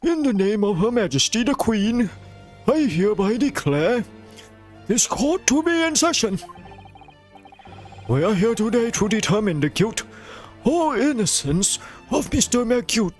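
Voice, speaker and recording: A man voicing a stern elderly male British judge who makes pompous, booming declarations. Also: very animated, measured pace, long pauses, faint music behind. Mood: formal.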